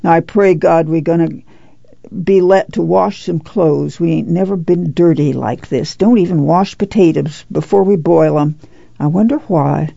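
A woman's voice: sits low, unhurried, gravelly, warm tone, husky, dry recording, dull audio, exaggerated voice. A woman voicing a weary, worn-out mother of a migrant family in plain rural speech.

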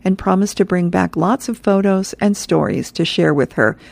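A woman radio host reading an advice column and comic strips, with a chuckling, relaxed manner. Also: lowish voice, moderate pace, vocal fry, dry recording.

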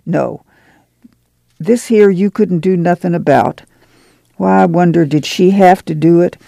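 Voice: medium pitch, unhurried, vocal fry, dark tone, no echo. Reader voicing weary drawling farm mother. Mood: firm. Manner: rural drawl, firm and plain-spoken.

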